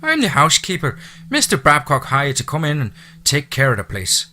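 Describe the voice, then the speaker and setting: A man's voice: fairly high pitch, wildly swooping pitch, moderate pace, bright, forceful tone, voice pushed up, exaggerated voice. A man voicing a chatty middle-aged Irish housekeeper in an audiobook, with a cheerful, motherly Irish brogue. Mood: cheery, motherly. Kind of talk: audiobook character voice.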